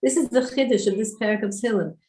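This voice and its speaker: A woman's voice: fairly high pitch, fast, darkish tone. A woman teaching a women's Torah class online, explaining Hebrew words and asking her students questions. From Israel. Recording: echoey room.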